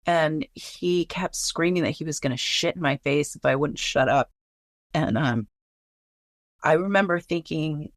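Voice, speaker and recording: A woman's voice: sits low, unhurried, no echo, studio quality. A woman recounting a personal story in casual, blunt speech, swearing freely and filling with "like".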